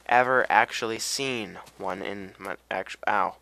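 A man's voice: lowish voice, unhurried, creaky, pushed and bright. A tired young man rambling through casual game commentary, with self-deprecating asides and a voice that cracks now and then. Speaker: let's play gamer.

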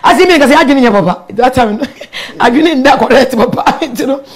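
A woman with a Ghanaian accent, a guest telling her own story in an interview, animated and quick to laugh, mixing local words into her English. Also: high-pitched. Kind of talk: candid personal storytelling in an interview.

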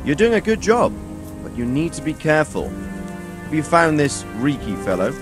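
An actor playing a stern, dignified medieval lord in a video game, speaking in a formal, commanding way. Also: male voice, on the high side, big pitch swings, moderate pace, over music. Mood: grave.

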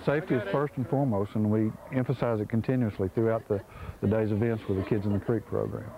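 A man's voice: lowish voice, fairly even intonation, fast, creaky, lo-fi sound, a little hiss or hum. A man, earnestly explaining a creek education program in an interview, with frequent restarts. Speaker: program organizer. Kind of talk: documentary interview.

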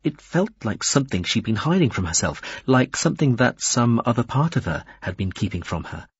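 A man narrating an audiobook in an expressive, varied reading. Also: mid-range voice, fairly quick, husky, dry recording, highs cut off. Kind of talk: scripted narration.

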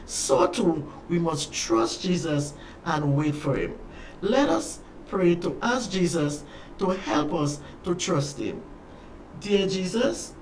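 A storyteller telling a children's story and ending with a prayer, in a slow, dramatic way with repeated phrases, recorded from a distance with faint ambience. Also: medium pitch, a little hiss or hum.

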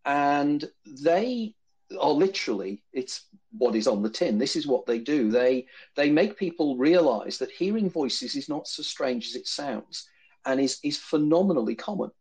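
A man's voice: a little high, expressive, a little slow, a little mellow, breathy edge. A man speaking to a live audience in a lecture-style discussion, talking at length and repeating words as he thinks. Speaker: guest speaker answering an audience. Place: live event room.

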